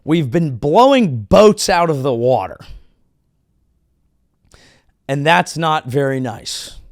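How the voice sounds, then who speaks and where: Man ranting sarcastically with gravelly voice. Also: a little high, measured pace, dry recording, studio quality. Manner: sarcastic, animated, profane ranting. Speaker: comedian host. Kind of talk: comedic political monologue.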